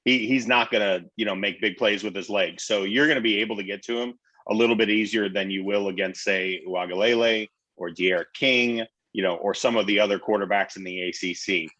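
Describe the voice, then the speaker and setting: A man co-hosting a sports radio show, speaking in a relaxed, agreeable way. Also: fairly low pitch, fairly quick, dry recording. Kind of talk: casual sports talk. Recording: dull lo-fi sound.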